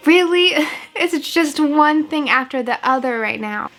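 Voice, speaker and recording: Chatty high-voiced young woman reacting. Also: unhurried, faint music behind, low-quality recording. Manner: animated, laughs often, swears, talks back to the screen. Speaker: show reactor. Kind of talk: casual reaction commentary. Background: episode soundtrack playing.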